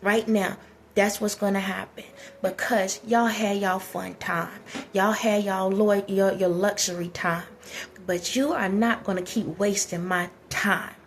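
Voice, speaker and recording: A woman's voice: mid-range voice, fairly even intonation, a little slow, a little hiss or hum. A woman, delivering a heated casual monologue full of repeated rhetorical questions. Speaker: vlogger.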